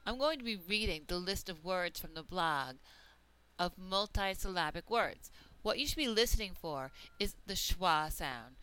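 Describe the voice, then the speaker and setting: A woman teaching a pronunciation lesson, reading out example words slowly and deliberately. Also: fairly low pitch, lively intonation, a bit bright, clear, resonant tone, rough recording. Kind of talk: slow, careful pronunciation lesson.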